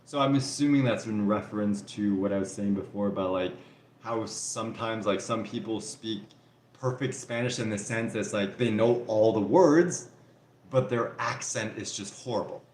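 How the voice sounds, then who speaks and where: The voice is a man's, on the low side with a darkish tone, at normal speed in a roomy space with slight background noise. A Canadian with a French Canadian accent, he runs a live Q&A, casually reading out comments and sprinkling in "like" and "you know."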